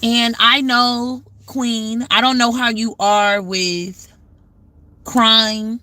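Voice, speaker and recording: Bright-voiced woman chatting on a livestream. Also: on the high side, steady tone, drawn-out words, dry recording. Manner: conversational, reflective, talks back to viewer comments. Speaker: livestream host. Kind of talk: casual livestream chat with viewers.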